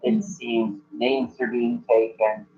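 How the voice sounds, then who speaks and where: A man's voice: medium pitch, takes it slowly, muffled recording, faint music behind. Laid-back man running a tabletop game. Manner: relaxed, meandering narration with fillers. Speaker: game master.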